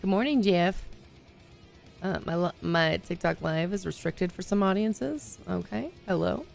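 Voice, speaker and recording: A woman hosting a live stream in casual chat, talking to her viewers and laughing often, her voice still a little hoarse. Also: fairly low pitch, a little slow, a little mellow, soft background music. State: slightly hoarse, voice recovering. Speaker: livestream host.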